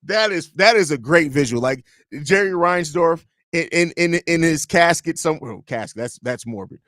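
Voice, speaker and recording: A man's voice: fairly high pitch, animated, normal speed, a bit bright, no echo, clean studio sound. A man hosting a live sports podcast, rambling and joking profanely while reading chat aloud. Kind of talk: casual live-stream chat.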